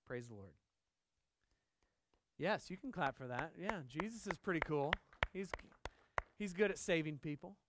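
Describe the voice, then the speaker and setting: A man's voice: fairly high pitch, unhurried, long pauses, very noisy. A middle-aged male pastor preaching a sermon, emphatic and repetitive, often asking the congregation questions. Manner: emphatic, repeats key phrases, asks the congregation questions; acts out dialogue in lively voices.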